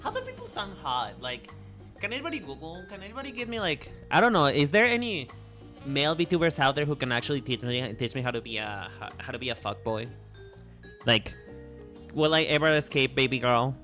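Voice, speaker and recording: A man's voice: a little high, very animated, a little fast, sharp tone, soft background music. A man chatting casually to his viewers while livestreaming a game, playful and teasing, often repeating and restarting his words. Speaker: VTuber streamer.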